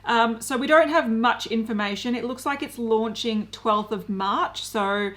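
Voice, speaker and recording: A woman talks through a product rundown in a relaxed co-hosted chat. She is conversational and drops in the odd um. Her voice is a little higher than average. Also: unhurried. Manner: conversational, runs through product details with filler ums. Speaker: beauty news co-host. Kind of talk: casual chat.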